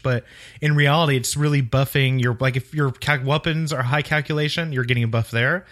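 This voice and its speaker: A man's voice: mid-range voice, quick pace, fairly bright tone. A man talking casually about game mechanics on a podcast, rambling with many restarts. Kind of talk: casual gaming chat.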